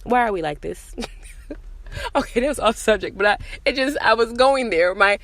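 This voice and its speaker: A woman's voice: fairly high pitch, lively intonation, normal speed, a bit bright, dry recording. A woman hosting a solo podcast outdoors, talking bluntly and profanely and hammering home rhetorical questions. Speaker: podcast host. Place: outdoors in morning sun.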